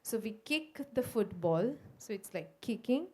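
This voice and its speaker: A woman with an Indian English accent leading a phonics workshop for teachers, slowly sounding out letters in a coaxing, sing-song way. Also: fairly high pitch, animated, darkish tone. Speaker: teacher trainer. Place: school workshop room.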